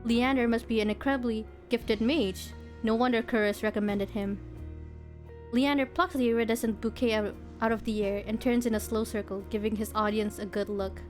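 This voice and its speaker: A young woman streams herself reading a visual novel aloud, her voice sitting fairly high. She narrates with expression and drops into giggly asides, with soft game music under her. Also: fairly even intonation, moderate pace.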